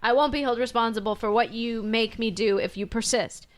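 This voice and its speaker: A woman's voice: on the high side, steady tone, brisk, close to an everyday voice. A woman voicing a scheming male noble villain who speaks coldly and justifies himself. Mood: defensive. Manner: cold, self-justifying.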